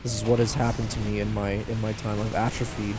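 A man's voice: lowish voice, level tone, fast. A man giving casual gameplay commentary as a YouTuber, rambling in a joking, self-deprecating way. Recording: game gunfire and noise over the voice.

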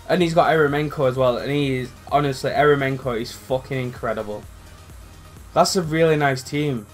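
Excitable man commentating his gameplay. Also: medium pitch. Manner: excitable, swears freely, rambling, shouts at big moments. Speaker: gaming channel host.

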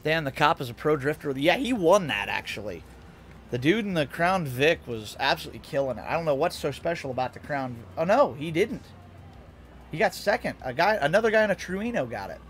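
Lively young man streaming a racing game. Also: on the high side, a little fast, a little hiss or hum. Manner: chatty, reads and answers chat, laughs often. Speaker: VTuber streamer. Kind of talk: casual live-stream commentary while gaming.

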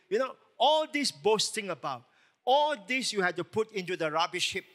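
A man's voice: high-pitched, very animated, normal speed, a bit bright. A man preaching a sermon as lead pastor, emphatic and full of rhetorical questions.

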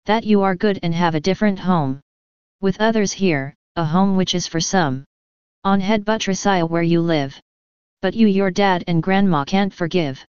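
A woman reading a gentle female angel's lines in rhyming verse, in an even storybook delivery. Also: fairly low pitch, moderate pace, clear, resonant tone, no room sound, muffled recording, close to an everyday voice. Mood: consoling. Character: gentle female angel comforting her husband.

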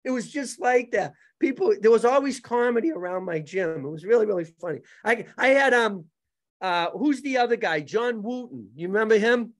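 A man as a podcast guest, telling animated stories in casual talk, laughing often and acting out other people's lines. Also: high voice, moderate pace. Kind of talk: casual storytelling.

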